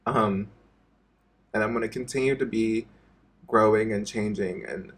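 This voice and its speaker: Gravelly, husky man confessing on camera. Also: fairly low pitch. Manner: halting and repetitive, swearing often. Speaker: vlogger. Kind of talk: emotional personal confession to camera.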